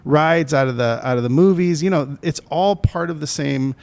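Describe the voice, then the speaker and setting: A man's voice: on the high side, moderate pace, creaky, a little mellow. Man, podcast co-host, film producer, casual rambling talk, self-correcting.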